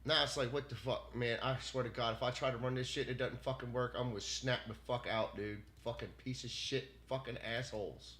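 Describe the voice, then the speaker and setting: A man streaming from home, ranting furiously with constant swearing, swinging from shouting to low muttering. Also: steady tone, fairly quick, few pauses. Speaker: gaming streamer. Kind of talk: angry rant while streaming. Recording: echoey room with faint background noise.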